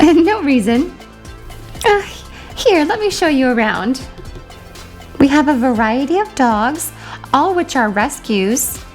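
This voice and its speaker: A woman voicing two cheerful doll sisters who run a toy pet rescue. Their talk is bright and chirpy with shop-counter politeness, set a little high, with faint music underneath. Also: expressive, takes it slowly, long pauses.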